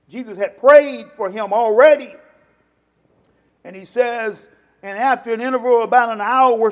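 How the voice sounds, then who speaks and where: A man preaching a sermon, swinging from loud, emphatic lines to hushed ones and acting out the quotes. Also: sits high. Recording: dull lo-fi sound.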